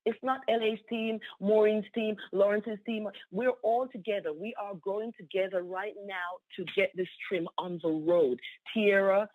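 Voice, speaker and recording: A woman's voice: medium pitch, fairly even intonation, normal speed, hardly any pauses. A woman giving an exuberant, repetitive testimonial on a conference call, laughing often. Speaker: team member sharing a testimonial. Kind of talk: excited phone testimonial. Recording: tinny phone line.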